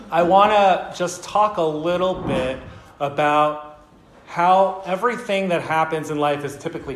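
Preacher with a lively, raised voice. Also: male voice, on the high side, a little hiss or hum. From United States. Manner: casual, lively storyteller who talks to the audience. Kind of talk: sermon with storytelling. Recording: echoey hall.

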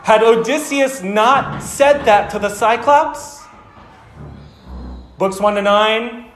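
A man's voice: high voice, takes it slowly, long pauses, soft background music. A man preaching a sermon, telling a story casually and talking with the audience. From United States. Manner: casual, lively storyteller who talks to the audience. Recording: echoey hall.

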